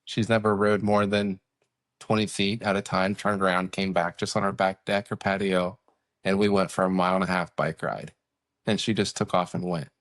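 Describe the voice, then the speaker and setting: Casting: man, podcast co-host, very low voice, dry close sound, relaxed delivery. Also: moderate pace, no echo. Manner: easygoing, short agreeing replies. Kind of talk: casual chat.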